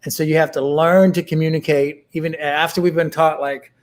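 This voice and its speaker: A man's voice: on the high side, flat delivery. A middle-aged man talking casually as an interview guest, with many fillers and restarts. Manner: halting, full of fillers and restarts.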